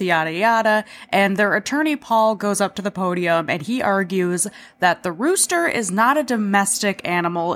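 A woman's voice: medium pitch, fairly bright tone. A woman hosting a podcast, recapping an episode in a chatty way, with swearing and self-deprecating asides. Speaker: podcast host.

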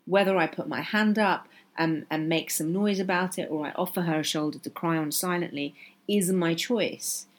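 A woman's voice: fairly low pitch, moderate pace. A woman hosting a solo podcast, talking earnestly and with passion, driving her points home by repeating them. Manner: earnest, impassioned, emphatic repetition. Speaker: podcast host.

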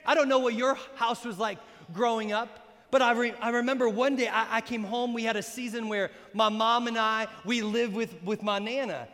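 A man pastor preaching an energetic, joking sermon at a baptism, sometimes bursting into shouts. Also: extremely high pitch, moderate pace, few pauses. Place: church sanctuary during a baptism. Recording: echoey hall.

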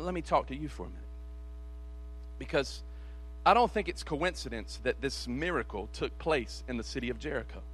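A man pastor delivering a sermon to his church, swinging between shouted calls and hushed, quick asides in a rhythmic, repetitive preaching cadence. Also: fairly high pitch. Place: church service.

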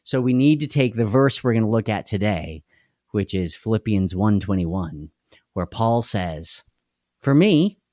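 A man's voice: on the low side, expressive, unhurried, darkish tone, no room sound, studio quality. A man hosting a casual live devotional stream, tired and unwell, folksy and chatty, greeting viewers by name and laughing easily. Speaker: devotional livestream host.

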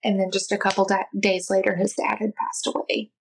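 A woman speaking as an interview guest, earnest and heartfelt. Her voice sits at a middle pitch, and she tells a personal faith story in plain conversation, now and then stumbling over and restarting a word. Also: little pitch movement, fairly quick, gravelly, breathy edge, low-quality recording.

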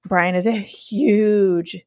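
A woman's voice: medium pitch, steady tone, extremely slow, warm tone, no room sound, studio quality. A woman co-hosting a casual podcast, laughing often and swearing freely. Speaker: podcast co-host.

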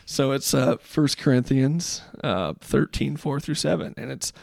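Gravelly-voiced man telling a dad story. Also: mid-range voice, unhurried, hardly any pauses, darkish tone, no echo, studio quality. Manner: rambling and reflective, many fillers. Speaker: podcast co-host; father. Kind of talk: casual storytelling chat.

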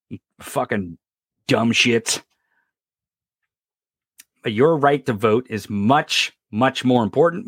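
A man's voice: mid-range voice, no echo, clean studio sound. A man co-hosting a political commentary podcast, talking in an impassioned, profane rant with sarcastic jabs. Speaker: podcast co-host.

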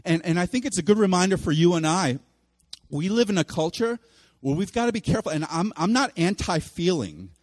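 Man, pastor, sermon, high voice, animated, acts out quotes, long church reverb. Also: a little fast. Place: church sanctuary.

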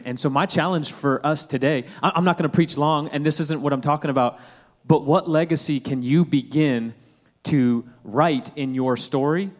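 A male pastor giving a sermon in a church auditorium, talking conversationally and slowing down to stress key words. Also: medium pitch, long reverb tail. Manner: conversational preaching with restarts and slowed emphasis.

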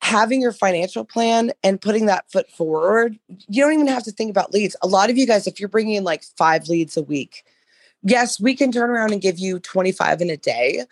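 Hoarse, profane woman podcaster. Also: mid-range voice, fairly quick, no room sound. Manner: rambling, profane, animated. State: losing her voice. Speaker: podcast co-host, dog trainer business coach. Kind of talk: casual podcast chat.

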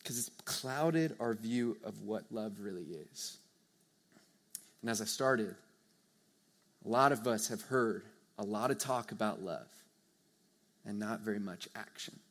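A young man preaching a sermon to a live audience, earnest and conversational, swinging from hushed to loud emphasis. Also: fairly low pitch, a little slow, long pauses. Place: church or meeting hall with a live audience.

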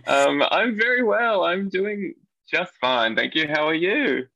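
Gravelly New Zealand man, dull audio. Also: sits high, lively intonation, unhurried, sharp tone, no room sound. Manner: chatty and giggly, with many ums. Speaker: podcast guest, nail artist. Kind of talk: casual interview chat. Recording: dull, lo-fi dry remote audio.

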